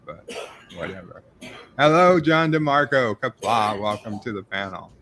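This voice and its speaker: A man's voice: mid-range voice, animated, unhurried, sharp tone. A middle-aged man with a New York accent hosting a live stream, reading viewers' chat messages aloud and answering them casually. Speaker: livestream host reviewing a TV episode.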